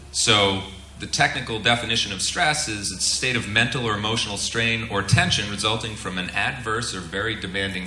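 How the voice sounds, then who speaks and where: A man's voice: lowish voice, sharp tone. A middle-aged man, a flight instructor, giving a casual, joking seminar and asking the room questions. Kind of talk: seminar lecture to an audience. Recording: echoey room.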